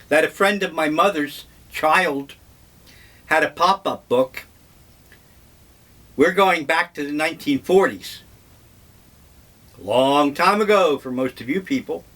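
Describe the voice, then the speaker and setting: An older man talks slowly and unhurriedly, wandering from memory to memory with dry humor. His voice sits somewhat high for a man. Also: fairly bright tone. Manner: slow, rambling, wry. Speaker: vlogger. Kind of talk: casual reminiscing monologue.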